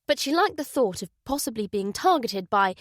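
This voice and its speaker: Woman narrator, audiobook, slightly high voice, dry close sound. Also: big pitch swings, normal speed, dry recording. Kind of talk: scripted narration.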